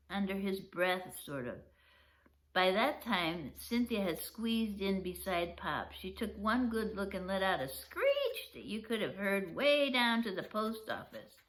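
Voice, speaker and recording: An older woman, a grandmother, reading a children's chapter book aloud gently and showing its pictures. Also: medium pitch, big pitch swings. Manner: gentle, unhurried, shows pictures. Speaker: storyteller.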